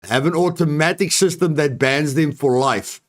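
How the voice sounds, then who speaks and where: A man's voice: a little high, normal speed. A man on a gaming talk show ranting angrily and bluntly about cheating, swearing and repeating himself. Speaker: co-host reacting to news. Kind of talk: heated rant commentary.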